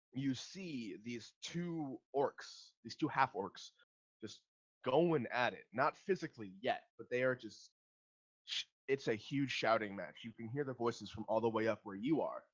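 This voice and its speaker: A man's voice: mid-range voice, fairly bright tone, muffled recording. A man narrating a tabletop game as game master, hesitant with many ums and restarts.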